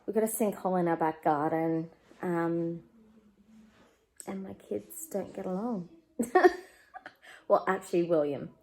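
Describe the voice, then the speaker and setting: A woman in her thirties with an Australian accent, a working mum giving a candid, chatty life update from her home that turns quieter and more emotional when she talks about parenting. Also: fairly low pitch, a little slow, pauses often, slight background noise, low-quality recording. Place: at home, in her living room.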